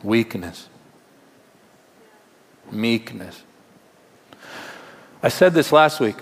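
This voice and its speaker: Man, pastor, conversational sermon, rhetorical questions, mid-pitched voice, long hall reverb. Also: expressive, very slow, slight background noise.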